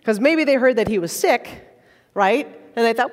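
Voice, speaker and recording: A woman's voice: on the high side, lively intonation, moderate pace. A woman preaching a sermon in a church, praying and reading scripture with conversational, playful asides. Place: church sanctuary. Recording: long reverb of a large church.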